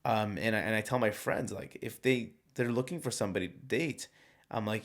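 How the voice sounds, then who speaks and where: A man chatting as a podcast guest, telling travel stories in an animated, joking way. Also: lowish voice, brisk. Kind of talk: casual chat.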